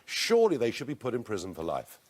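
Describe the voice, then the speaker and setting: A man answering questions in a televised debate, forceful and emphatic, repeating words for stress. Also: medium pitch, huge pitch swings, quick pace. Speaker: party leader in a televised debate.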